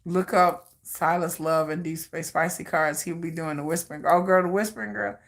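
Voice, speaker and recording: A woman hosting a livestream in casual chat, rambling and animated and laughing often. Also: lowish voice, moderate pace, vocal fry. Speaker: livestream host.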